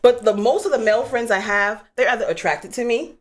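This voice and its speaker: A woman hosting a call-in radio talk show, outspoken and animated, with lots of casual fillers. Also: on the high side, a little fast.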